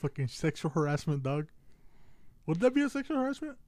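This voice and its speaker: A young man in casual chat, reacting with laid-back slang and quick questions. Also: fairly high pitch, sing-song, a little mellow, no room sound.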